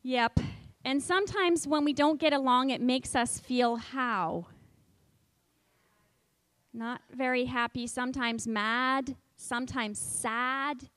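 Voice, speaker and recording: A woman with a high voice leads a children's Bible lesson. She talks in a coaxing way and keeps asking the kids questions and inviting them to take part. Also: slow, fairly bright tone, dry recording. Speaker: children's church teacher.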